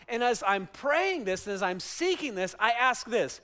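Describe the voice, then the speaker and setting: Man, high voice, preaching, emphatic storytelling, church sermon. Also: lively intonation, normal speed, hardly any pauses, a bit bright. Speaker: pastor.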